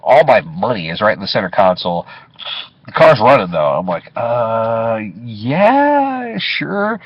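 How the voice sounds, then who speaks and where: A man's voice: low voice, lively intonation, fairly quick, slightly rough, no echo. A man, a taxi driver, casually telling a story from inside his cab, swearing and chuckling as he goes. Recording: dull lo-fi recording.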